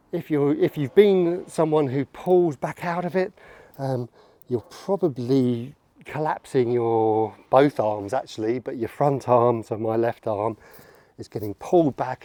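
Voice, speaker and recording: A man's voice: mid-range voice, warm tone, dry recording. A man coaching golf outdoors, upbeat and encouraging as he demonstrates swings. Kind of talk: on-course golf instruction.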